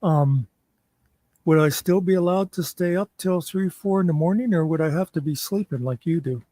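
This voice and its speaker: A man's voice: on the high side, normal speed, mellow, no echo. A man chatting casually on a livestream, telling stories in a blunt, joking way.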